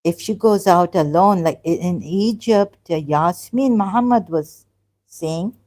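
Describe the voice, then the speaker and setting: A woman hosts a livestream, her voice somewhat low and mellow. She talks haltingly, with fillers and quick apologies, then presses her argument with pointed rhetorical questions. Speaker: livestream host. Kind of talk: casual live-stream talk on religion.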